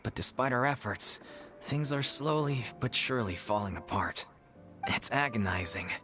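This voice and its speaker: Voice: mid-range voice, lively intonation, moderate pace, pushed and bright, faint music behind. A voice actor playing a weary, resigned member of a struggling theater troupe in a video game.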